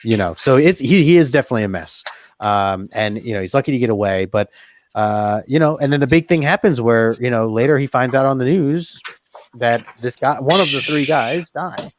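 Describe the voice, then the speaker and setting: An American man retelling comic scenes in a relaxed, rambling way, with plenty of fillers. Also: medium pitch, moderate pace. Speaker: podcast co-host. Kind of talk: casual chat about comics.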